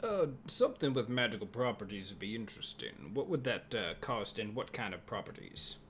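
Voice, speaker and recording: A man chatting as a player in a tabletop game, his voice swinging widely in pitch. He talks casually and laughs easily, with a faint hiss underneath. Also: very animated, a little fast, fairly bright tone.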